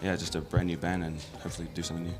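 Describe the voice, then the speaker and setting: A young man with a very deep voice answers interview questions, pausing often with ums and keeping things modest. His replies stay casual and unpolished. Music plays clearly in the background. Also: level tone. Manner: hesitant, lots of ums, modest. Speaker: student band leader interviewed.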